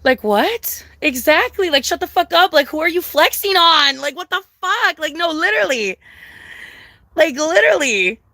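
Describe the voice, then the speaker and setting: A woman's voice: very high-pitched, expressive, moderate pace, bright, forceful tone, no echo. A young woman chatting casually with her viewers on a livestream, profane, emphatic and sassy, repeating her points.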